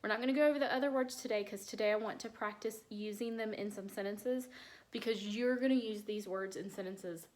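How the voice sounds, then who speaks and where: A woman teacher, slowly sounding out word parts in a phonics lesson for young children and praising them. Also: medium pitch, darkish tone. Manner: slow, clear sounding-out of word parts, encouraging.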